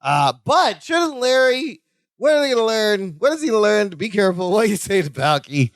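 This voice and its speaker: Man, podcast co-host, jokey, casual chat, higher pitch, dry close mic. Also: sing-song, no room sound. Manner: playful, jokey, fond of quick impressions. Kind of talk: casual chat and show plugs.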